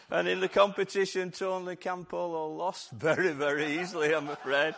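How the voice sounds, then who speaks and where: A man with a Lancashire accent preaching a lively, jokey Easter sermon to his church while his voice goes hoarse. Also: sits high, a little fast, few pauses. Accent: Lancashire English. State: voice going hoarse. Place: church service.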